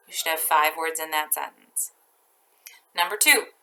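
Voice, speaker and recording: Woman teacher, slow careful dictation, bright clear tone, lowish voice. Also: poor audio. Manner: slow, deliberate dictation, stretching each word. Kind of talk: dictating a spelling test.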